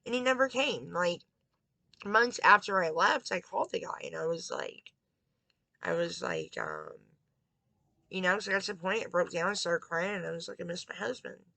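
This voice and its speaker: Candid woman with a gravelly voice. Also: fairly low pitch, normal speed, pushed and bright, dry recording, low-quality recording. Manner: candid, rambling, confiding. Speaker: tarot reader and vlogger. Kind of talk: casual spiritual tarot talk.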